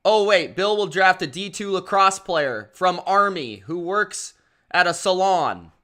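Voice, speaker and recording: A man hosting a live stream, calling football play-by-play with a hyped announcer-style delivery and shouting out his chat. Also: high-pitched, animated, measured pace. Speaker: live-stream sports commentator.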